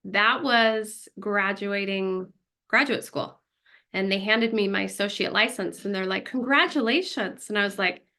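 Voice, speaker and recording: A woman co-hosting a casual podcast as a therapist, telling stories in an animated way and acting out her own past thoughts. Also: medium pitch, a little slow.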